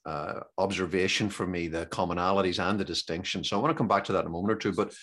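A middle-aged man hosting a conversational interview as a business coach, rambling and halting with many fillers and restarts. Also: low voice, fairly even intonation, fairly bright tone, slightly rough. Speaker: podcast host and business coach.

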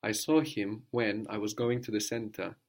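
A man's voice: lowish voice, normal speed. A man giving a patient one-to-one language lesson, prompting his student with questions and repeating the answers. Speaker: language teacher.

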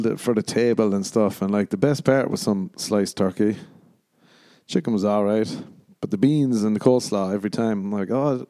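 Host, young man, low mellow voice, crude rambling comic monologue. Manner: profane, jokey, swings into exaggerated mock voices. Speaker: podcast host. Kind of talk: rambling solo podcast.

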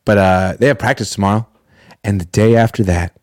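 A man hosting casual sports commentary, talking in a sarcastic, deadpan way. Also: on the low side, fast talker, dry recording, clean studio sound.

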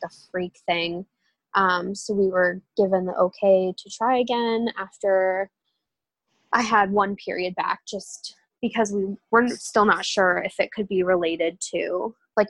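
A young adult woman, a podcast guest, talking candidly and earnestly in a relaxed interview, with many fillers. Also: on the low side, no echo. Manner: earnest, open, filler-heavy storytelling.

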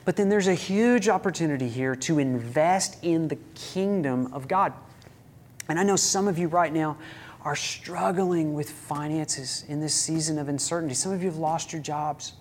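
A man's voice: a little high, normal speed, slight background noise. A man preaching a sermon as a pastor, emphatic, with rhetorical questions and sudden rises in his voice.

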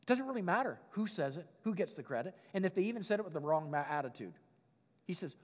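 A male pastor preaches a sermon with an expressive delivery, reading scripture and commenting on it. His voice sits high for a man. The sound carries a long reverb, like a large sanctuary. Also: quick pace. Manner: expressive preaching, reads scripture, chuckles at his own points.

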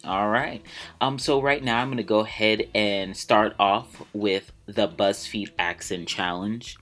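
A man's voice: lowish voice, steady tone, unhurried, a bit bright. A young man hosting a casual vlog, chatty and rambling, laughing at himself as he goes. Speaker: vlog host. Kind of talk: casual solo vlog chat.

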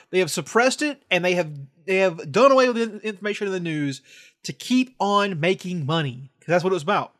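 A young man from Georgia with a fairly high voice rants earnestly about what bothers him. He swears freely and talks casually, in a podcast chat. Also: a bit bright. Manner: ranting, profane, earnest.

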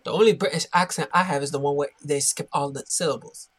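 A man's voice: a little high, fairly even intonation, quick pace, crowd noise. An American man co-hosting a podcast, trading wry jokes in casual chat. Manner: joking, wry banter. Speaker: podcast co-host.

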